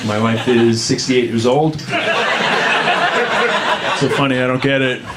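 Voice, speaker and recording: A man's voice: mid-range voice, steady tone, a little slow. A male stand-up comedian in his thirties with a dry, self-aware delivery on a club stage. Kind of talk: stand-up set. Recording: live club recording, loud crowd and noise.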